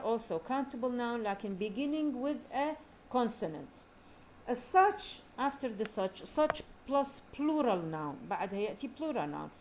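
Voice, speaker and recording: A woman teaching an English grammar lesson, explaining points and repeating key terms slowly. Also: fairly high pitch, darkish tone, a little hiss or hum.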